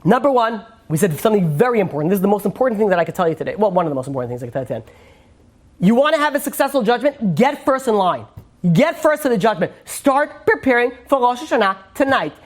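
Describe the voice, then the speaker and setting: A man's voice: high voice, big pitch swings, fast talker. A rabbi giving an informal Torah class, a man who chats freely, acts out little scenes and keeps saying "you know.". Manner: chatty, acts out quotes, many fillers.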